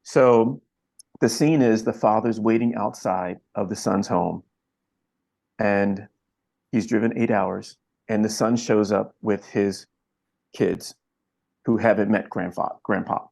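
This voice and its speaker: A man from Philadelphia, a camera operator being interviewed, telling a story in an earnest, reflective way and pausing often. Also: on the low side, steady tone, vocal fry, darkish tone. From Philadelphia, USA.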